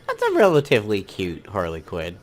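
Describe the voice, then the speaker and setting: A man's voice: lowish voice, wildly swooping pitch, a little fast. Chatty, rambling man playing a mobile game. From New York. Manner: rambling and chatty, with many fillers and asides. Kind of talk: casual gameplay commentary.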